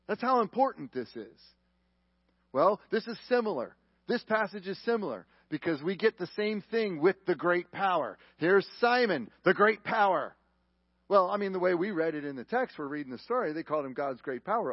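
A man's voice: high-pitched, dry recording, lo-fi sound. A man teaching the Bible to a live congregation, often asking the room questions and pressing his points with emphasis.

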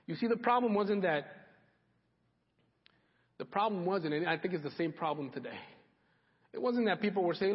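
A man's voice: high voice, expressive, moderate pace, long pauses, in a large hall, highs cut off. A man preaching a sermon, emphatic, repeating key phrases for weight. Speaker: pastor.

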